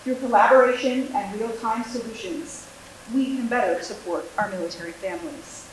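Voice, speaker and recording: A woman's voice: on the high side, moderate pace. A middle-aged woman projects her voice the way a teacher would, delivering a formal address to a board. The room is very echoey, and a faint hiss runs under her voice. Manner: projecting teacher voice without a microphone. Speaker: military school liaison. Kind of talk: prepared public address. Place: school board meeting room.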